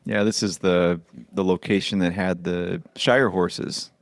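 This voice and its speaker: A man guest in casual podcast chat, halting and searching for words. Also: low-pitched, steady tone, no echo.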